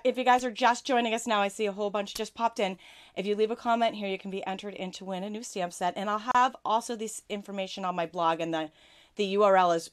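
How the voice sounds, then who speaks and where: A woman hosting a live video about card-making supplies, chatting casually with viewers in a bubbly, gushing way. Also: medium pitch.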